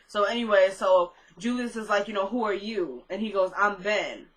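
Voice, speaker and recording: A woman's voice: mid-range voice, brisk, few pauses, rough recording. A woman casually recapping a TV drama episode, retelling scenes with quoted lines and her own chatty asides. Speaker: recap vlogger.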